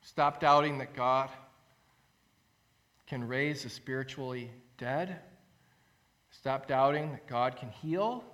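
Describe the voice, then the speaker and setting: A man preaching a sermon as pastor, earnest and animated, acting out quotes and repeating phrases for emphasis. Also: mid-range voice, slow pace, pauses often. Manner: animated storytelling, acts out quotes with rising voice.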